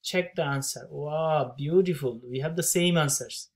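Loud teacher with a classroom voice. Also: mid-range voice, a little slow. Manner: upbeat, talks steps aloud. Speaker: math teacher. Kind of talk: calculator tutorial walkthrough.

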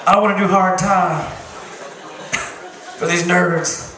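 Profane deadpan stand-up man, high voice. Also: slow pace, noisy background. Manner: deadpan one-liners, profane. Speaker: stand-up comedian. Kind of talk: stand-up comedy set. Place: bar stage with crowd. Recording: roomy distant bar recording with crowd. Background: audience laughter.

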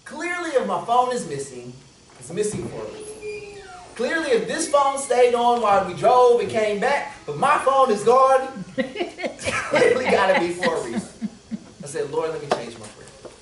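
A pastor preaching a sermon, telling a story with humor and laughter, swinging from loud outbursts to hushed, prayerful lines. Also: male voice, extremely high pitch, sing-song, measured pace, music in the background. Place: church sanctuary. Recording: echoey church hall from far off. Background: congregation calling out responses.

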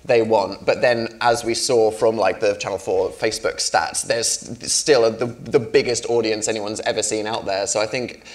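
A man's voice: fairly low pitch, steady tone, moderate pace, hardly any pauses. A man in his twenties, a guest on a festival stage, talking in a chatty, wry way with many restarts. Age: 20s. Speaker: panel guest. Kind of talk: onstage conversation. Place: festival stage before an audience.

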